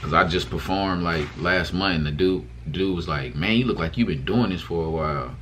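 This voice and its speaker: A man's voice: low-pitched, normal speed, a bit bright, a little hiss or hum. A young man chatting casually to his viewers in a vlog, rambling loosely with lots of fillers and restarts. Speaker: vlogger. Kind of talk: casual mukbang chat to camera.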